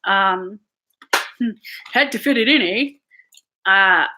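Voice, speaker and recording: A woman's voice: medium pitch, sharp tone. Chatty Canadian woman reading tarot. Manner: chatty, halting, repeats words. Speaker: tarot reader. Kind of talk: live-stream tarot reading.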